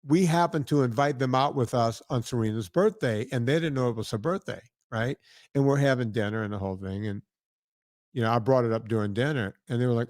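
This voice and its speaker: A man's voice: mid-range voice, darkish tone, dry recording, clean studio sound. A man hosting a podcast, telling rambling stories in casual chat and often checking in with "right?". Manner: rambling, tag questions like "right?". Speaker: podcast host.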